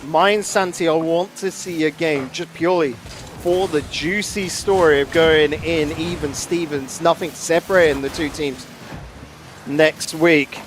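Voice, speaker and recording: A man commentating a live esports match, quick to exclaim over big plays and replays, on a headset mic. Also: on the high side, fairly even intonation, a little hiss or hum.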